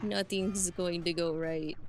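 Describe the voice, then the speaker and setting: Excitable young woman streamer, bright voice. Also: mid-range voice. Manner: excitable, yells at the game, swears, laughs often. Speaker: VTuber streamer. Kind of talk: live gameplay commentary.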